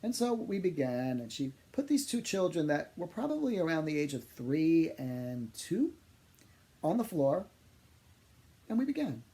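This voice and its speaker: A man working as a psychic medium, telling funny personal stories in an animated, exaggerating way. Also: a little high, a little slow. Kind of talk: humorous personal storytelling.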